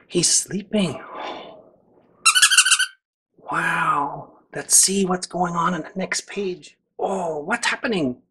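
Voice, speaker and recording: A woman reading a picture book aloud to young children, gasping with excitement and talking straight to her listeners. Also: on the low side, slow, background noise. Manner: excited gasps, talks directly to the children. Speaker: children's storyteller.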